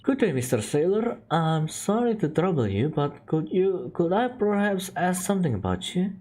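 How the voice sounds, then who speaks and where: A man's voice: high voice, big pitch swings, moderate pace, dark tone. A man voicing a polite young male law student who questions a witness in a formal, courteous way, reading game dialogue aloud. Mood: earnest.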